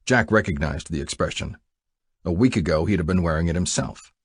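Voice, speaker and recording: Husky male narrator, deep voice, dry close read. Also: brisk, no echo. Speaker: audiobook narrator. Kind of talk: scripted narration.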